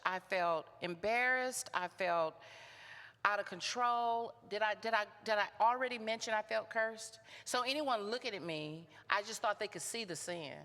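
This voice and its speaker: A woman with a Texan accent giving a keynote talk, telling her story in an animated way and acting out the dialogue. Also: a little high. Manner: animated, acts out quoted dialogue. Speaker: keynote speaker. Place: conference hall. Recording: reverberant hall.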